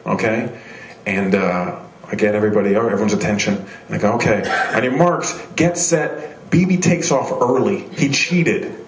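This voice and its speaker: Rambling stand-up comic, echoey room. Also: male voice, fairly low pitch, normal speed, background noise. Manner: rambling, self-deprecating, many restarts. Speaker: stand-up comedian. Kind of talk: live stand-up set. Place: small comedy venue stage.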